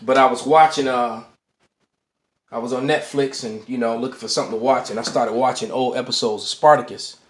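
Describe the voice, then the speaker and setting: A man's voice: medium pitch, steady tone, a little fast, slight background noise. A man teaching to a camera in a casual way, often restarting words and checking in with "all right". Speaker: bible teacher. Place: indoor room. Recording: roomy echo.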